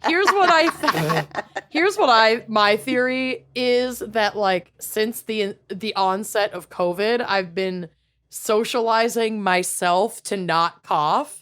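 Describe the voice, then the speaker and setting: Brief: woman podcast co-host, animated and chatty, swooping pitch, quick to laugh. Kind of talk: casual chat.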